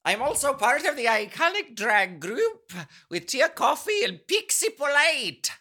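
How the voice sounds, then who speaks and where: Cheeky Welsh drag queen, done by a man, bright sing-song read, jumpy pitch. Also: big pitch swings, unhurried, heavily acted. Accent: attempted Welsh. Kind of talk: reading a listener email in a put-on voice.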